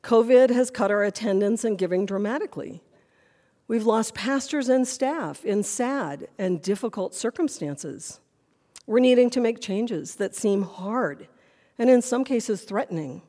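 A woman's voice: fairly high pitch, expressive, a little slow, mellow, in a large hall. A woman pastor preaching a sermon in a church sanctuary, earnest and full of questions.

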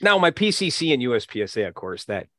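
A man co-hosting a podcast, speaking in a measured, thoughtful way in casual chat. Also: mid-range voice, very animated, pushed and bright, no room sound, clean studio sound. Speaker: podcast co-host.

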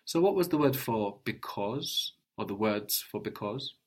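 A man teaching a language lesson, patiently prompting his student with questions and gently correcting answers. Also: lowish voice, lively intonation, unhurried, breathy edge.

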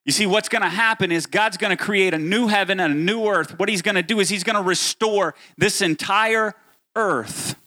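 A man's voice: high-pitched, normal speed. A middle-aged male pastor, preaching a sermon and speaking straight to his congregation. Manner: animated preaching, addresses congregation directly.

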